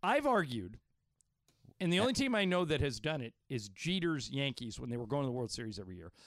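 A man's voice: medium pitch, big pitch swings, brisk, no room sound, studio quality. A man hosting a sports talk radio show, pressing his co-hosts with pointed questions. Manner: argumentative, probing questions. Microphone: studio microphone.

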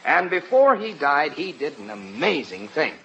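A bright, blustering husband. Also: male voice, a little high, very animated, normal speed, vocal fry, a little hiss or hum, exaggerated voice. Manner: bossy, rambling, comic bluster. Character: blustering, vain middle-aged husband. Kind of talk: 1940s radio comedy acting. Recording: muffled old radio broadcast.

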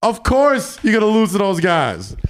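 A man co-hosting a podcast, arguing a point in a casual chat, animated and full of restarts. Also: high voice, moderate pace, a little hiss or hum. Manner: animated, argumentative, restarts often.

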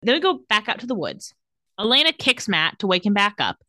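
A woman's voice: mid-range voice, fairly quick, no echo, studio quality. A woman casually recapping a TV episode scene by scene, acting out the characters' lines as she goes. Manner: animated storytelling, quoting characters. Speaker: podcast co-host recapping a TV episode.

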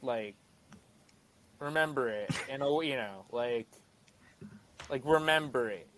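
Rambling young man with halting speech. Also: mid-range voice, fairly bright tone, a little hiss or hum, poor audio. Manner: rambling, halting, many fillers and restarts. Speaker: guest actor. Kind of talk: casual podcast chat.

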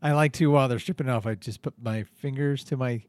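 A man's voice: medium pitch, a little fast, darkish tone, no room sound. A man hosting a comedy podcast, talking in a dry, theatrical, self-mocking way. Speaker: podcast host. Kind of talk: comedic improvised banter.

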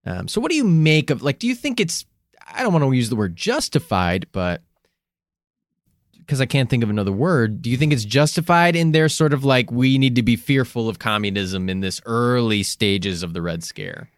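A man's voice: mid-range voice, lively intonation, moderate pace, no room sound, clean studio sound. A man co-hosting a casual podcast, cracking crude jokes and asking his partner questions. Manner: joking, crude banter, swearing. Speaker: podcast co-host.

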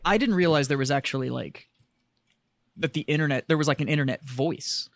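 A male podcast co-host rambling quickly through casual, profane banter. His voice sits a little high. The recording is dry and close. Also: no echo. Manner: rapid, rambling, swears.

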